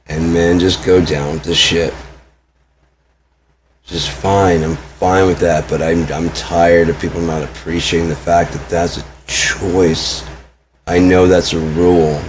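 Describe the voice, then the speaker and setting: A man's voice: sits low, a little hiss or hum. A man telling a personal story in an agitated, profane monologue with many restarts. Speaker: vlogger.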